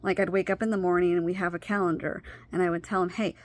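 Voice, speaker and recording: Woman talking in halting starts. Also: lowish voice, flat delivery. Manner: halting, loses her train of thought; frequent pauses and restarts. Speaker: vlogger sharing personal experience. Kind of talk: candid personal talk to camera.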